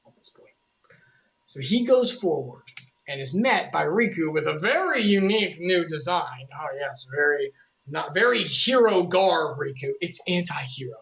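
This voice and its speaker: Animated woman joking through a lore recap. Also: low-pitched, moderate pace, muffled recording. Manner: animated, joking, with sarcastic asides. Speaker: streamer recapping game lore. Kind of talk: casual lore recap on a stream.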